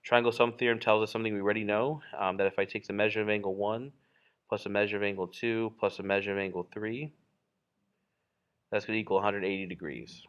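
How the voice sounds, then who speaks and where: A man's voice: fairly low pitch, little pitch movement, quick pace, fairly bright tone, clear, resonant tone, muffled recording. A man teaching a geometry lesson while drawing, in a casual, explanatory way with frequent fillers and self-corrections. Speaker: math teacher.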